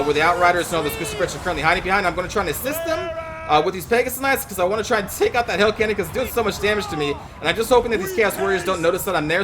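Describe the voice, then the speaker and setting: A man casually commentating his own strategy game match, quick and excitable, swearing when things go wrong. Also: high voice, noisy background.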